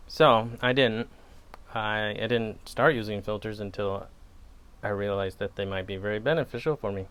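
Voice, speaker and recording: A man's voice: on the low side, normal speed, fairly bright tone, clean tone. A man with a Wisconsin accent chatting casually on his pipe-smoking channel, wandering off on tangents and laughing at himself. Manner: rambling, digressive, laughs at himself. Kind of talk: casual vlog chat.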